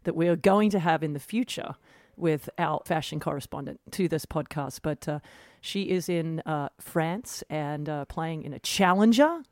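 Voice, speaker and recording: A woman's voice: sits low, a little mellow, dry recording. A woman co-hosting a podcast, chatty and self-deprecating, laughing easily. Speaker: podcast co-host, retired tennis pro. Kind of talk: casual podcast chat.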